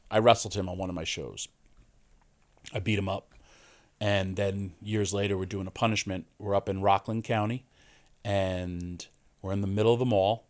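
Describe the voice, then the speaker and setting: A man with a somewhat low voice, talking as a guest on a podcast. He tells stories in a loose, casual way. He jumps into the voices of the people in them and raises his voice for their lines. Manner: animated storyteller, acts out quoted lines. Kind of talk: casual interview storytelling.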